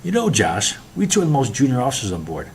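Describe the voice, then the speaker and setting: A man's voice: mid-range voice, huge pitch swings, fast talker, slight background noise, voice pushed up. A man reading a bitter, scheming young naval officer who snaps orders and puts on forced friendliness. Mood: falsely friendly.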